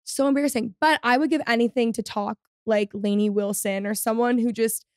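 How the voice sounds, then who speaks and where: Host, woman, twenties, grew up in Texas, Valley girl accent, chatty, upspeak, high-ish, dry studio. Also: fairly even intonation, brisk, a little mellow, dry recording. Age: 20s. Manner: chatty, upspeak at phrase ends, laughs often. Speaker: podcast host. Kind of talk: casual chat. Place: podcast studio.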